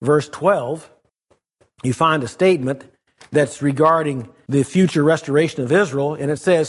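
Husky-voiced man preaching a sermon. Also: a little high, normal speed. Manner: reads scripture aloud, then explains verse by verse. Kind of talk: expository sermon.

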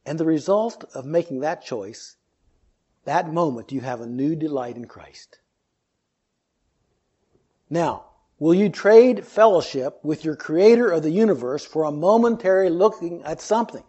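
A man's voice: a little high, lively intonation, a little slow, warm tone, breathy edge, muffled recording. A man preaching an earnest sermon, reading scripture and explaining it with rhetorical questions.

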